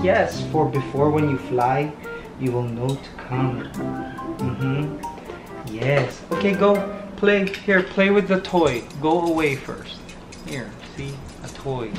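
A man vlogging at home, talking to his pet parrot in coaxing, sing-song baby talk between calm explanations. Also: a little high.

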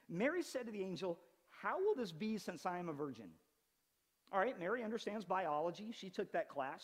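A pastor in his forties preaching an animated, conversational sermon with touches of humor. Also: sits high, breathy edge, big-room sound. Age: 40s. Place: church sanctuary.

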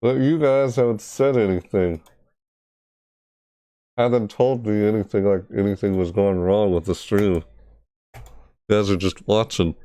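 A man's voice: lowish voice, steady tone, measured pace, pauses often, warm tone, dry recording. A man streaming from his computer, thinking aloud with frustration and talking to his chat, often repeating words as he tests things. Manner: repeats words over and over while testing. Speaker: gaming streamer. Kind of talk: casual live-stream commentary.

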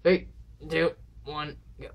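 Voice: medium pitch, flat delivery, slow pace. Chatty vlogger rambling through viewer dares. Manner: chatty and rambling, with nervous countdowns. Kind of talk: casual vlog chat to camera. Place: indoors at home.

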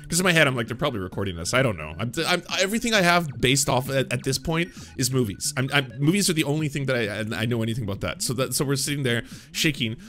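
A man from Canada telling a casual story on a podcast in an animated, stammering way, with swearing. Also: mid-range voice, quick pace, hardly any pauses, soft background music.

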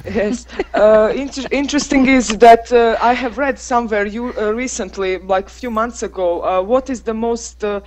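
A woman with a Croatian accent, an English teacher who talks hesitantly on a video call, pausing and restarting often. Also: fairly high pitch. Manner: hesitant, many pauses and restarts, laughs softly. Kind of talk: casual video-call discussion.

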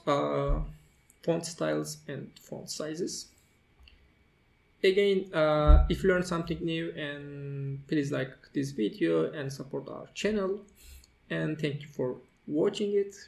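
Gravelly man narrating a coding tutorial. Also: fairly high pitch, a little mellow. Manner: walks through steps as he types, with fillers and self-corrections. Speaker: tutorial host. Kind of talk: screen-recorded coding tutorial.

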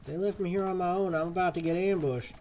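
A man's voice: sits high, fast, a little mellow, a little hiss or hum. Chatty male game streamer. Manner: chatty, swaps swears for "fudge". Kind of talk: live gameplay commentary. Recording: game music behind the voice.

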